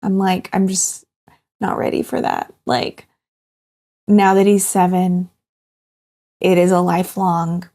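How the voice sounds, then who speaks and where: A woman in her thirties, a guest in an interview, talking in a halting, heartfelt way with many fillers. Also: on the low side, flat delivery, mellow. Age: 30s. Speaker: guest sharing her cancer journey. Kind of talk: candid personal interview.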